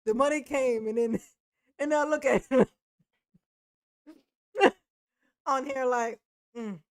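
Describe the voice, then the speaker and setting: A woman's voice: high-pitched, slow pace, dry recording, clean studio sound. A woman giving blunt, profane reaction commentary, laughing often. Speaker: commentary host reacting to a clip.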